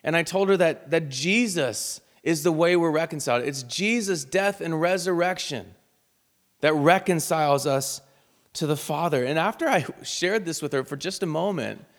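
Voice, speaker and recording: A man's voice: a little high, vocal fry, long reverb tail. A man, a pastor, preaching a sermon and telling a personal story in an earnest, heartfelt way.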